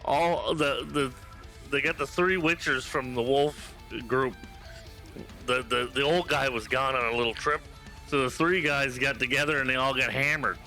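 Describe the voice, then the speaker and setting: A man from Canada streaming games, chatting casually and telling stories in an animated, profane way. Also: medium pitch, moderate pace, soft background music. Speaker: game streamer. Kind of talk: casual live-stream chat.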